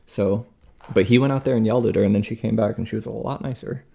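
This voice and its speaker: This young vlogger, on the mend from surgery, talks fast in a lowish, gravelly, dark and husky voice. Cooking at home, he retells a story in a chatty, exasperated way, voicing other people's lines.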